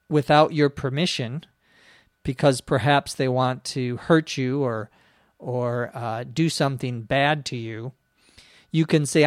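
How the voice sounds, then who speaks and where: A man teaching English, answering listener questions slowly and carefully, with frequent pauses and spelling out words. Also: a little high, no room sound, clean studio sound. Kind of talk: slow explanatory podcast lesson.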